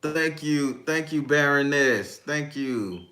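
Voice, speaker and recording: A man's voice: a little high, slow, bright, forceful tone, slight background noise. A man hosting a casual livestream as a tarot reader, talking emphatically and profanely, reading viewers' comments aloud and often laughing. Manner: breaks into frequent laughter.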